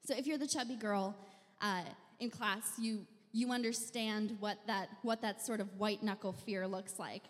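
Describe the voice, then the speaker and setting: A young woman telling a funny personal story on stage in a wry, self-mocking, deadpan way. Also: mid-range voice, normal speed. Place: live venue stage. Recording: long hall reverb.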